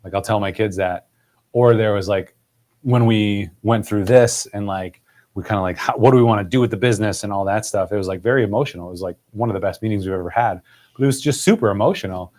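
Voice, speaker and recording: A man's voice: fairly low pitch, fairly quick, a little mellow. A man hosting a podcast in casual conversation, rambling and leaning on "like" as filler. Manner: rambling, heavy use of "like".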